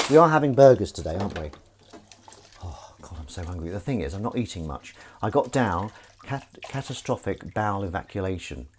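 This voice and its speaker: A faint hiss or hum sits under this man's lowish, darkish-toned voice. He rambles and makes jokes at his own expense in a casual live-stream chat while washing up in his home kitchen, dishes and pans clinking.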